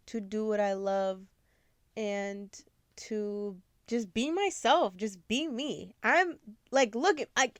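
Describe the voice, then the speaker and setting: A woman's voice: medium pitch, no room sound. A woman in her twenties hosting a podcast, talking candidly and rambling with lots of fillers. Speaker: podcast host. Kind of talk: casual confessional chat.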